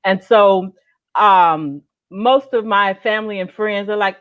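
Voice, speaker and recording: A woman author speaking in a measured, reflective way in a casual group chat over a video call. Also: mid-range voice, a bit bright, clean tone, muffled recording. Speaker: author and guest.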